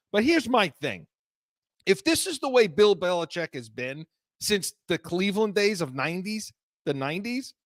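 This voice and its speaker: Sports radio co-host, higher voice, fired-up, stammers, dry sound. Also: male voice, a bit bright, dry recording. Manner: fired-up, stammering restarts, acts out quotes. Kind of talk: heated sports radio talk.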